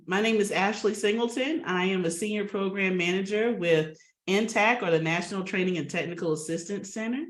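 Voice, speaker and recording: Upbeat woman webinar host, mid pitch, chatty and friendly with guests, roomy video-call audio. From Atlanta, Georgia. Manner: chatty, greets attendees by name, laughs often. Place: home office on a video call.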